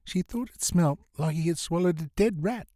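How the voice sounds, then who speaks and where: A man narrating a comic novel in a lively storytelling manner. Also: on the high side, moderate pace, no echo. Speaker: audiobook narrator. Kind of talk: scripted narration.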